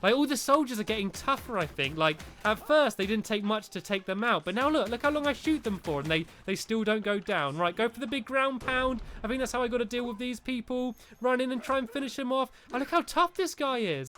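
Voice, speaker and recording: A man giving chatty, excitable let's-play commentary, talking straight to his viewers and cheering himself on at a desk microphone. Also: very high-pitched, a little fast, few pauses, a little hiss or hum. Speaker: gaming YouTuber. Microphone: desk microphone while gaming.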